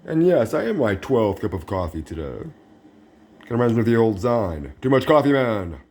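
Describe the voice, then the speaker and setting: A man's voice: lowish voice, very animated, normal speed, a little mellow. A man vlogging a casual tour of his new place, talking in a dry, sarcastic way. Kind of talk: casual home tour narration.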